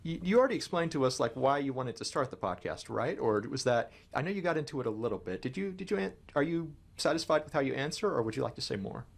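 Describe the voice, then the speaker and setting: A man's voice: medium pitch, big pitch swings, fast, gravelly, hardly any pauses. A man co-hosting a podcast in casual, playful, joking chat. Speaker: podcast co-host.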